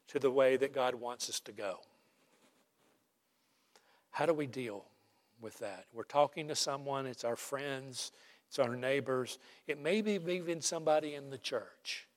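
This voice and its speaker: A man preaching an emphatic sermon as pastor, ending by leading a prayer. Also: medium pitch. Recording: long reverb of a large hall.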